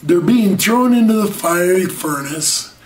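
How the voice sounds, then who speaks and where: Slow, high-voiced preacher in an echoey room. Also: male voice, expressive, slight background noise. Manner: earnest, drawn-out emphasis with rhetorical questions. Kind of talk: sermon. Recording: echoey room, mic far off.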